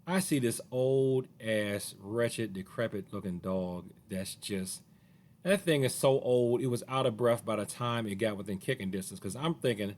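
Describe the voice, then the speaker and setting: A man's voice: on the low side, moderate pace, darkish tone. A martial arts teacher telling a personal story to camera in a casual way, acting out the other people's voices as he goes.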